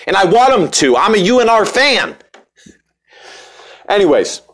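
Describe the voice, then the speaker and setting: A man's voice: high voice, very animated, unhurried, a bit bright. A young man hosting a casual sports podcast, rambling and joking with lots of restarts and fillers. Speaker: podcast host.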